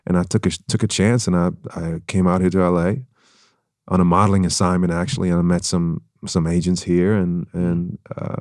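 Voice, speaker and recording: A man with a very deep voice and a light German accent talks through his story in a casual interview. He speaks thoughtfully, circling back and restarting as he goes. The sound is dry and close, with no room around it. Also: flat delivery, a little mellow, no echo. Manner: reflective, measured, with many restarts. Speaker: guest actor.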